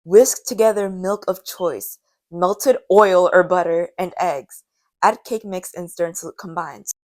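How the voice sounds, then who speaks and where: A young woman in her late teens, with a hoarse voice that sounds deep to her, chatting in a rambling, self-mocking way while she bakes for a vlog. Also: measured pace, a little mellow. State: hoarse from karaoke. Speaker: vlogger. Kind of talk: casual baking vlog chat.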